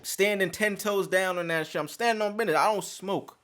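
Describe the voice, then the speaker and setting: A man casually telling a personal story, animated and profane, acting out conversations. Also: high-pitched, brisk. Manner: animated, profane, acts out dialogue.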